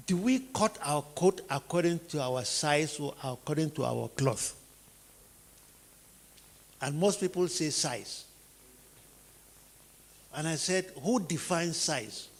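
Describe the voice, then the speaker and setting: Gravelly Nigerian preacher in a hall. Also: male voice, fairly high pitch. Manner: rhetorical questions, emphatic repeated phrases. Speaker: teacher preaching on family life. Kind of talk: sermon-style teaching.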